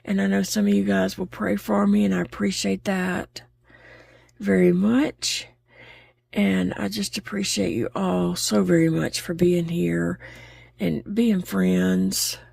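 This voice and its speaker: A woman's voice: mid-range voice, little pitch movement, takes it slowly, creaky, a little mellow, slightly rough, no echo. A woman chatting openly while she crochets, laughing easily as she talks. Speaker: crochet vlogger. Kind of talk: casual chat while crocheting.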